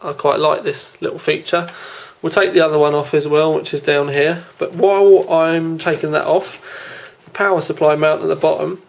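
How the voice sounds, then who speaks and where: A man's voice: a little high, level tone, normal speed, creaky. A man hosting a casual tech review, chatting informally while he handles the product and films it with a handheld camera indoors. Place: indoor room.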